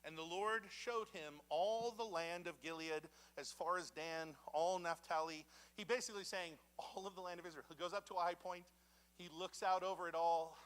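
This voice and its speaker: Male pastor, young adult, high bright voice, conversational sermon that acts out its quotes. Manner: animated, conversational preaching with dramatic voiced quotes. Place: church sanctuary.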